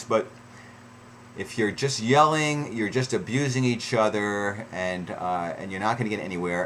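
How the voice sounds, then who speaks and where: A man's voice: fairly low pitch, fairly bright tone, slight background noise. A middle-aged man giving relationship advice in an unscripted, conversational way, with many fillers and restarts and acted-out quotes.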